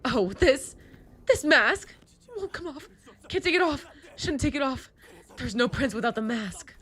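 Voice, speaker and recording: A woman's voice: sits high, animated, unhurried, a bit bright, pitched above the performer's own voice. A woman voicing a pompous masked vampire prince who speaks in grand, archaic phrases while reading game dialogue on a stream. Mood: whiny. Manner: archaic, grandiose speech with thee and thou.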